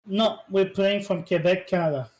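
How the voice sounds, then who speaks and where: Higher-voiced man, casual interview answers. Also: steady tone, normal speed, rough recording. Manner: rambling, searches for English words. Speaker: esports player being interviewed.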